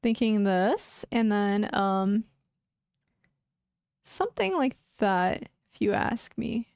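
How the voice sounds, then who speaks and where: A woman's voice: mid-range voice, very animated, takes it slowly, creaky, a little mellow, smooth, dry recording, studio quality. Anxious young woman muttering to herself. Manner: anxious self-talk, muttering and repeating words. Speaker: chess streamer. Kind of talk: casual live-stream commentary while playing.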